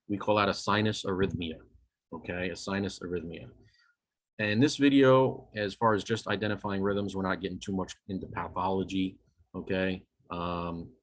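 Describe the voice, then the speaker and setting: A man's voice: lowish voice, a bit bright. A man teaching a recorded lecture over a shared screen, casual and self-correcting, often checking in with "okay?" and dropping dry jokes. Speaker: EMS instructor.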